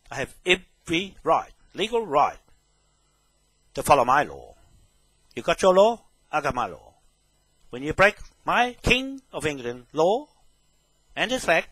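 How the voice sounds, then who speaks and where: A man making a public statement straight to camera, slow and emphatic, often checking "okay?". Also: a little high, fairly bright tone, husky, no room sound, poor audio. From New Zealand. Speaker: self-proclaimed land claimant making a public statement. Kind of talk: direct address to camera.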